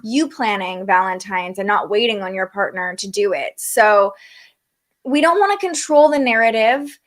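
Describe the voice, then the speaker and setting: A woman's voice: medium pitch, animated, moderate pace, a bit bright. A young woman giving a casual astrology forecast, chatty, with frequent fillers and restarts. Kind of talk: casual livestream talk.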